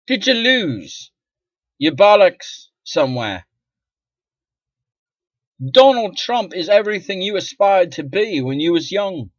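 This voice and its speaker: Middle-aged guy ranting at the camera, swearing a lot, goes quiet then loud, dull dry lo-fi sound. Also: high-pitched, big pitch swings, slow pace, pauses often, dry recording. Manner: profane, indignant, swings from muttering to loud outbursts. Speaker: vlogger.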